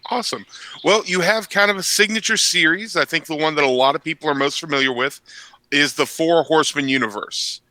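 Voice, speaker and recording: A male interviewer with a bright, forceful voice asks curious questions that prompt his guests. The recording is dry and close. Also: fairly high pitch, brisk, dry recording.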